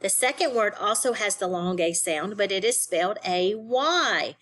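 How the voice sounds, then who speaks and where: A woman's voice: medium pitch, lively intonation, normal speed, a bit bright. A woman teaching a phonics lesson to young students, sounding out syllables and spelling words letter by letter.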